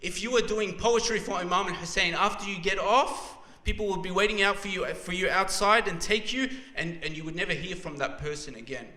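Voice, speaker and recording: A man's voice: high-pitched, brisk, few pauses, pushed and bright. A man giving a passionate, emotional sermon at a religious gathering, often restarting his words. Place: large hall at a community religious program. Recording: echoey hall reverb.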